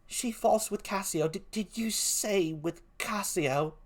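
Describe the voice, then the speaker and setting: A man's voice: high-pitched, takes it slowly, voice pushed up. An older man voicing a loyal, outspoken woman servant who cries out in outrage, in a one-man Shakespeare reading. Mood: outraged.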